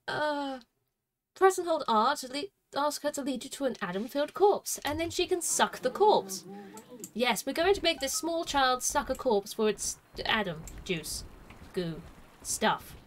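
A woman's voice: high voice, lively intonation, unhurried. A woman playing a video game live, joking to herself and crying out as she plays. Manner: playful, exclaiming, joking to herself. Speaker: game streamer. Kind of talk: live gameplay commentary.

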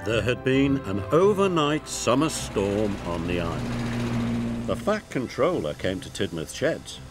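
A man narrating a children's cartoon story in an expressive storytelling manner. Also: medium pitch, measured pace. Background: music.

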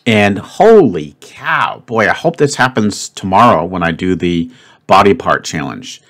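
A man's voice: sits low, lively intonation, normal speed, fairly bright tone. A man casually talking through a word puzzle as the host of his video, chatty and upbeat, thinking aloud with lots of fillers. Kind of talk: casual commentary while solving a puzzle.

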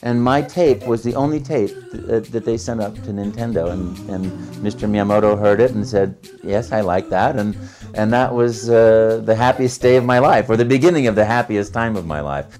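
A man, a voice actor, telling stories in an interview, animated and acting out the dialogue. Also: fairly low pitch, moderate pace, music in the background. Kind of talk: interview anecdote.

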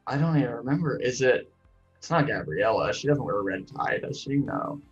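A man's voice: mid-range voice, big pitch swings, fairly quick, soft background music. Guy in his 20s rambling through trivia answers, laughs at himself, kinda dull sound. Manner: chatty, self-deprecating, thinks out loud. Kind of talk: casual trivia chat.

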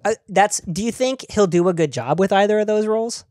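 A man's voice: high-pitched, fairly quick, a little mellow, dry recording, studio quality. A man co-hosting a comedy podcast in a loose, rambling way, full of fillers and restarts and laughing mid-thought. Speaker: podcast co-host. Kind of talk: casual comedic chat.

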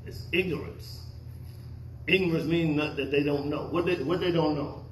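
A man's voice: on the high side, normal speed. A male pastor preaching a sermon, questioning his congregation and waiting for answers. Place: church sanctuary. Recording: echoey church hall.

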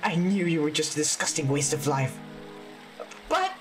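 A woman's voice: deep voice, sing-song, normal speed, over music, pitched below the performer's own voice. A woman doing a cold, scornful mother. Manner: icy, dismissive.

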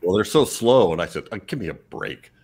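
A man's voice: low-pitched, very animated, brisk, vocal fry, a little mellow, breathy edge. A man co-hosting a casual podcast discussion, rambling and trailing off with chuckles as he leads the segment. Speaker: podcast co-host leading the segment.

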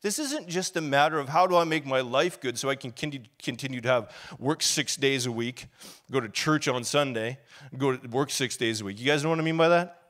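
In a brisk, medium-pitched voice, a pastor tells stories through his sermon, growing loud and fervent as he acts out shouted quotes. He stays casual and confessional, with laughs and sighs along the way.

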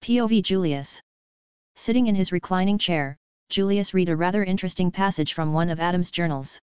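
A woman narrating a novel in a steady, even storytelling voice, in a dry, dull lo-fi recording. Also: lowish voice, brisk, clear, resonant tone, no echo. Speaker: audiobook narrator.

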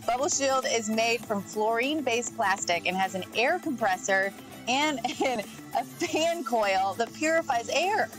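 A woman's voice: fairly high pitch, animated, a little slow, over music, low-quality recording. A woman guest on a television lifestyle show, casually walking through a list of gadgets and reading product details with her own offhand asides. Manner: chatty, informal, reads product notes with asides. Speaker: tech segment guest. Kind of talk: casual TV segment chat. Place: TV studio.

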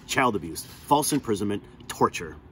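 A man's voice: fairly low pitch, very animated, normal speed, fairly bright tone, slight background noise. A man reading aloud, voicing a short, fierce woman lawyer who talks in a snappy, insistent way.

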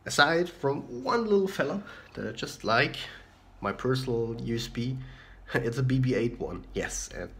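A man's voice: medium pitch, lively intonation, moderate pace, a bit bright. Young male vlogger in his twenties, casual self-deprecating chat to camera, mid voice, roomy sound. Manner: chatty, opinionated, self-deprecating. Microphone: camera mic. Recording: roomy echo.

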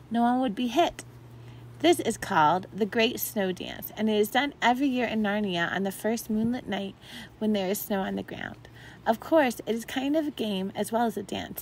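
A woman reading a children's chapter book aloud, expressive and gentle with an occasional slip. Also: on the high side, slight background noise, poor audio. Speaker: volunteer reader. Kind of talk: storytime read-aloud.

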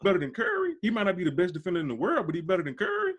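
A man's voice: high-pitched, wildly swooping pitch, rapid-fire, fairly bright tone, slightly rough. A man hosting a podcast, arguing basketball in casual slangy talk, emphatic and insistent, his voice shooting up when he presses a point. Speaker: podcast host. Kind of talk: casual sports debate.

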